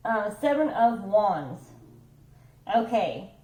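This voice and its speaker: A woman's voice: mid-range voice, sing-song, takes it slowly, warm tone, roomy sound, poor audio. A woman giving a casual tarot reading, rambling and chatty, checking in with her listener and swearing offhandedly. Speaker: tarot reader.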